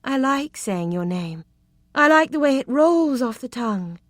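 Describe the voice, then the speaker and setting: A woman's voice: high-pitched, lively intonation, a little slow, no echo, pitched above the performer's own voice. Teasing young regency lady voiced by a woman, coquettish, arch, dry close sound.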